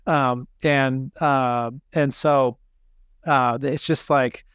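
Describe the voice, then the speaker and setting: A man's voice: mid-range voice, fairly even intonation, extremely slow, a bit bright, clear, resonant tone, no echo, clean studio sound. A man hosting a casual podcast, talking in a rambling way with many restarts. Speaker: podcast host, firefighter.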